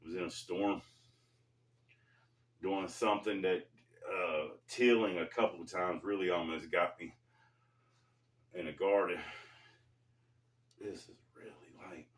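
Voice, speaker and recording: A man's voice: sits low, fairly even intonation, measured pace, long pauses. A man casually telling a personal story in loose, slangy talk, calling his viewers folks, recorded at a gym. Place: gym during a workout. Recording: roomy, distant mic.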